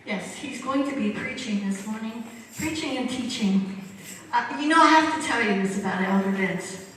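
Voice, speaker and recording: A woman's voice: a little high, moderate pace, a bit bright, a little hiss or hum. A woman leading a church service, introducing the preacher in a chatty, easy-laughing way. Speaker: church leader introducing the speaker. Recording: roomy church hall, distant mic.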